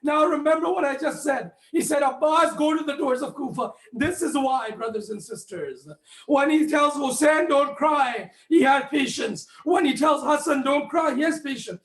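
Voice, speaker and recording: High-pitched preaching man in an echoey hall. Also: moderate pace. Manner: fervent, often raising his voice to a near shout; addresses listeners directly with questions. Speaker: speaker at a mourning gathering. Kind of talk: impassioned sermon.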